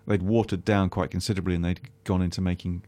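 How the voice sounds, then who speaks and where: A man's voice: low voice, flat delivery, fast talker, warm tone, dry recording. A man, a guest on a radio show, talking casually in a rambling, hesitant way with many restarts.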